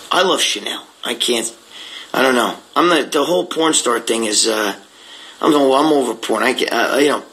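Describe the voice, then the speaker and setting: A man's voice: a little high, sharp tone, low-quality recording. An older man talking in an unfiltered live chat, rambling and blunt, swearing freely as he tells stories and answers viewer comments. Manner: rambling, profane, blunt storytelling. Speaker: guest reading viewer comments.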